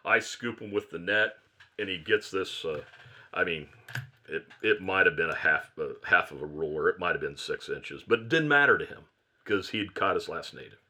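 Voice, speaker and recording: A man's voice: low-pitched, expressive, moderate pace, bright, forceful tone. A man who owns a fly shop, a podcast guest telling a long fishing story in a rambling way, often correcting himself.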